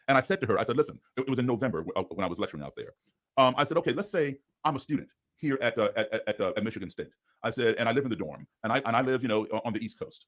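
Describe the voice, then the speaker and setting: Fast-talking earnest man. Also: medium pitch, expressive, a bit bright. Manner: earnest, explaining, tells stories, checks in with "okay?". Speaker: podcast guest. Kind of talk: podcast conversation.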